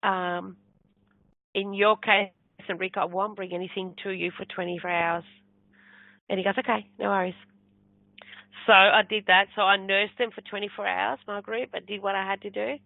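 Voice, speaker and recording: A woman's voice: medium pitch, normal speed, gravelly. A woman, a medium, recounts a story in an interview, animatedly voicing the people in it. Her voice sits in the middle of a woman's range. The sound is narrow and phone-like, with no room echo. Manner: animated storyteller acting out quoted dialogue. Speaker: guest, spiritual medium.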